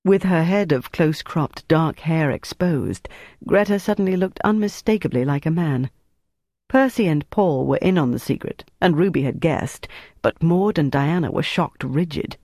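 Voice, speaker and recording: A measured audiobook narrator, even and steady, with a middle pitch. The voice sits close to a studio mic in a dry, dead room. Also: no room sound. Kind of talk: scripted narration.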